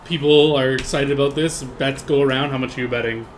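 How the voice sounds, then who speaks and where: A man running a tabletop game, describing scenes in a loose, rambling way full of "like" and "kinda". His voice sits at a middle pitch, with a faint hiss of noise in the background. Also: fairly even intonation, brisk. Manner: casual, rambling, many fillers. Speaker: game master.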